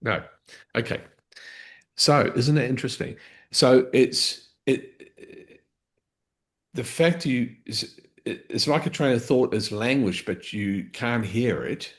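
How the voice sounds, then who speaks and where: A man's voice: mid-range voice, slow pace. A man coaching a live training session, explaining step by step, restarting phrases and checking in with "okay?".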